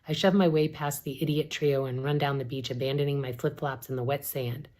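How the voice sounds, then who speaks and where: A woman, an English professor, reading a novel aloud in a steady, measured narration. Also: a bass voice.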